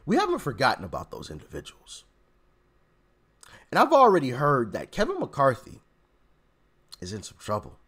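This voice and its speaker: A man's voice: medium pitch, huge pitch swings, normal speed, long pauses, a bit bright, slightly rough. A man hosting a political commentary channel, ranting sarcastically and stammering as he repeats himself.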